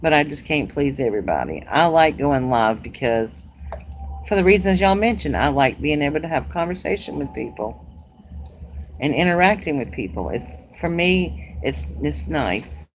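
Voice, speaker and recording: A middle-aged woman from South Carolina with a Southern accent, chatting casually and warmly with viewers on a live craft stream, laughing often. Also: low-pitched, very animated, normal speed, a little hiss or hum, poor audio. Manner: chatty and homey, laughs often, says "y'all". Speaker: craft channel host.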